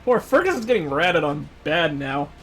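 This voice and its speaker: A man's voice: a little high, sing-song, normal speed, fairly bright tone, soft background music. A man streaming a game, reading the story text aloud and adding playful asides to his viewers. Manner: chats with viewers while eating. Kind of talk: let's-play voicing game text.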